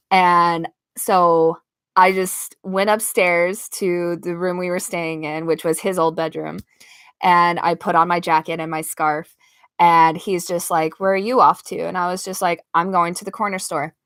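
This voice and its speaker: Her voice is lowish and a little slow, with fairly even intonation and a fairly bright tone, as this young Las Vegas woman streams from her bedroom. She tells her live chat a story through her own desk microphone, often laughing and performing what others said. It's a dry, studio-quality recording.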